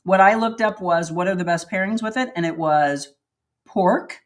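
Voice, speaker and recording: A woman's voice: on the low side, normal speed. Chatty Midwestern woman hosting a wine show. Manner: chatty, laughs often, talks with food in her mouth. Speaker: show host. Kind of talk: casual wine-tasting chat. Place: new studio, sitting on the floor.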